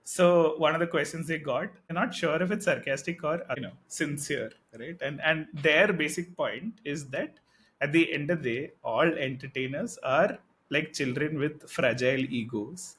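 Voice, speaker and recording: Rambling Indian man, a touch high. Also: normal speed, fairly bright tone. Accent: Indian English. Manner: rambling, tangent-jumping, chuckles through his stories. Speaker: podcast co-host. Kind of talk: casual podcast chat.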